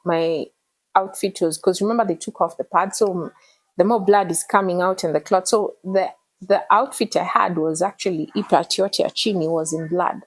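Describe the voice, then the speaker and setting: A woman's voice: on the low side, moderate pace, breathy edge, poor audio. Earnest woman recounting her story. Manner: earnest, animated retelling with code-switching. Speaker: interview guest sharing her story. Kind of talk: emotional personal testimony.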